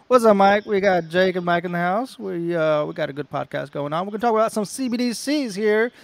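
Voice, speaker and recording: Casual podcast host, man, raspy fry in the voice, dry close sound. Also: sits high, a little fast, dry recording. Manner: jokey, put-on accent in the opening.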